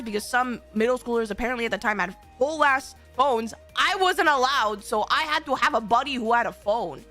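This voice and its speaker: A young woman with a high, sharp, bright voice tells a long story to her stream. She rambles, restarts and swears freely, jumping into little impressions of the people involved. Soft game music plays faintly behind her. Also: brisk, few pauses. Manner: animated, rambling, swears, acts out quotes. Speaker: VTuber streamer.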